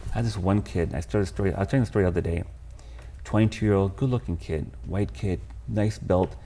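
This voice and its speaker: A man with a fairly low, mellow voice appears as a podcast guest, telling his life story candidly and emotionally in a casual storytelling interview. He calls the host "bro."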